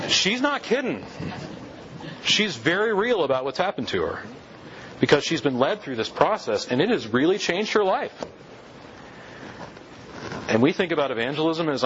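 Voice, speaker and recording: A man's voice: fairly high pitch, very animated, a little fast, pauses often, fairly bright tone, lo-fi sound, a little hiss or hum. A man giving a classroom lecture on church history, talking conversationally and firing rhetorical questions at his listeners.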